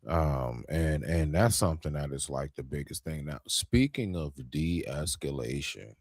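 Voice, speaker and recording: Deep-voiced man on a casual stream. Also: animated, measured pace, no echo, studio quality. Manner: slangy, agreeing interjections. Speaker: podcast host. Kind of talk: casual live-stream chat.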